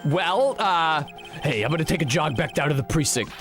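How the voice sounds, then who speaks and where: A streamer voicing a jumpy, eager male police detective while reading game dialogue aloud, in a brash and gruff manner. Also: on the high side, lively intonation, normal speed, over music, lightly acted.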